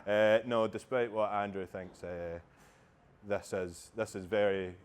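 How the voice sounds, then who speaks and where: A man's voice: fairly low pitch, fairly even intonation, unhurried, clear, resonant tone. A young adult man with a Scottish accent, an opening comedian chatting casually and self-deprecatingly to camera. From Scotland.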